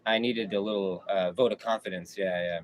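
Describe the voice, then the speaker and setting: A man's voice: lowish voice, fairly even intonation, a little fast, poor audio. A man hosting a casual live stream, chatting in a slangy, laid-back way and often repeating himself. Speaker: livestream host.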